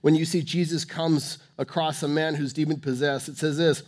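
A male preacher delivers a sermon in a high voice. He presses his points hard, rising to loud urging and dropping to hushed tones. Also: flat delivery, normal speed.

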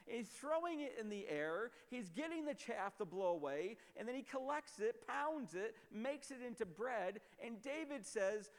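A man preaching a sermon as a pastor, emphatic and explanatory, often dropping to a low, quiet voice. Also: lively intonation, a little slow, few pauses, big-room sound.

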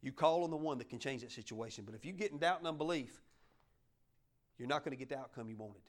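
A man's voice: medium pitch, fast. A man preaching a folksy sermon, joking with his congregation and asking them to help him along. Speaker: pastor.

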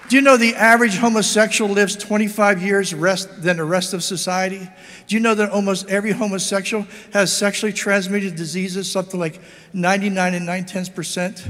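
A man's voice: high-pitched, a bit bright, big-room sound. An older man preaching an impassioned sermon, exhorting his listeners with lots of repetition. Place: church hall.

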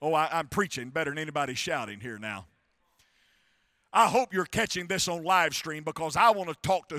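A male preacher, voice pitched high and ringing bright. He tells stories and climbs to shouted crescendos. The recording is close and dry. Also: no room sound. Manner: rising to shouted crescendos, storytelling. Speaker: pastor. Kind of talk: sermon. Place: church.

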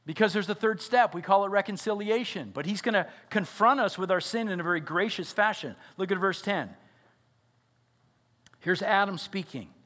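A man's voice: sits high, normal speed, a bit bright. A father and pastor preaching a sermon, earnest and often asking his listeners questions. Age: adult father. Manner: earnest, asks the audience questions.

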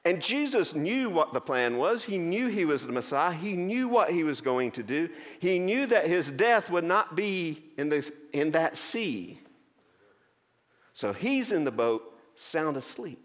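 In an echoing church sanctuary, a pastor preaches a sermon, his slightly high voice taking on a sing-song quality. He explains scripture earnestly, with frequent pauses, and the recording carries a long church reverb.

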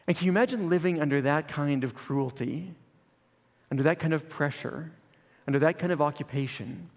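A man's voice: a little high, fairly quick, in a large hall. A man preaching a sermon as pastor, earnest and building through repeated phrases.

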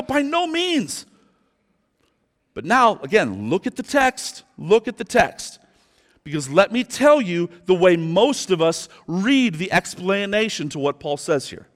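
Pastor type, male, high voice, emphatic sermon delivery, big church reverb. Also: fairly bright tone. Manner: emphatic preaching, slows down for stress. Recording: long hall reverb.

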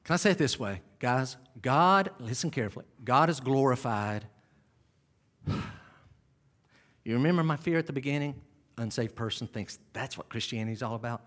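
A man preaching a sermon as pastor, earnest and pleading. He climbs to urgent exhortation, then sinks to a hushed, quiet tone as he calls for bowed heads. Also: mid-range voice, animated, normal speed, pauses often.

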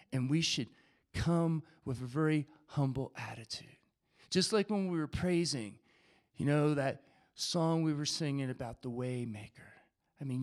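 A man with a noticeably high voice preaches a sermon. He is animated, reads scripture passages aloud, and slips into the voices of the crowd as he tells the story.

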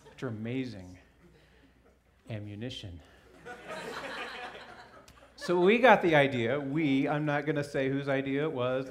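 Guy pastor from alaska telling a goofy childhood story in his sermon, mid-pitched, chuckling along. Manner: animated storyteller, chuckling through his own anecdote. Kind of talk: sermon with a humorous personal story.

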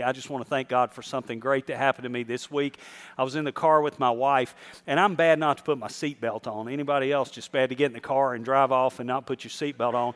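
A man's voice: medium pitch, fairly bright tone, clear, resonant tone. A middle-aged man, a pastor telling a funny story from the pulpit to his congregation during a church service. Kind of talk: sermon.

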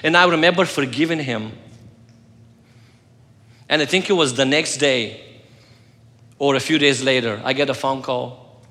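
A pastor delivering an earnest sermon, telling a personal story and swinging between loud passages and soft, hushed moments. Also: male voice, mid-range voice, a little slow, long pauses, big-room sound.

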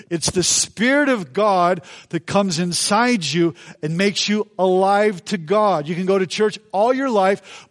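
A pastor preaches a sermon in church, his voice sitting high. He's folksy and conversational, acting out the people he quotes.

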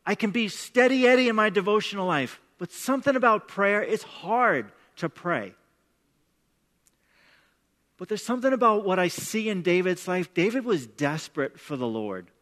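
Middle-aged pastor guy preaching, chatty and emphatic, trips on his words, high bright voice. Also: animated, moderate pace. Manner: conversational and emphatic, repeats words when starting sentences. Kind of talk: sermon. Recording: long reverb of a large hall.

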